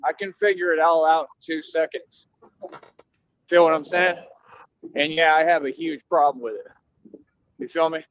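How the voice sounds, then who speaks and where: A man's voice: fairly high pitch, steady tone, normal speed, long pauses. A man ranting insistently, repeatedly asking if listeners follow him. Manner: insistent, keeps asking for agreement. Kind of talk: casual rant. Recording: dull lo-fi audio with faint noise.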